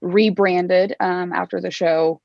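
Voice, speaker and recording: A woman fashion designer joining an interview over a video call, talking in a chatty, upbeat way with quick asides. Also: lowish voice, fairly even intonation, creaky, darkish tone, no echo. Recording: slightly dull video call sound.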